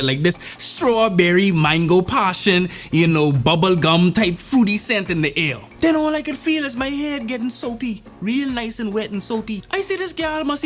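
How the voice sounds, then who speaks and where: High-voiced man telling a funny story. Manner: animated, rambling, with playful asides. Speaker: vlogger. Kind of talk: comedic storytelling.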